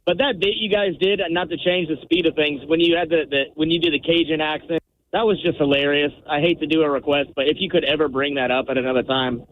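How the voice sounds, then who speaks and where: A man's voice: a little high, steady tone, fast, slight background noise. Hesitant male caller over a tinny phone line. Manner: hesitant, apologetic fan. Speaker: radio caller. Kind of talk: casual phone call.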